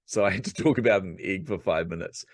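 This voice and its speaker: A man from New Zealand, a podcast guest telling a personal story in a lively, conversational way and acting out the voices of people he quotes. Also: low voice, fast talker, no room sound, studio quality. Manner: animated, acts out quoted voices.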